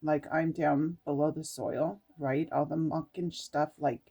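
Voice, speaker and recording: A tired woman reading aloud from an oracle card book and reflecting in a meandering, halting way with laughs. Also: low-pitched, steady tone, dark tone, breathy edge. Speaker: spiritual oracle card reader. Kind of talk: casual spiritual vlog, reading aloud and reflecting.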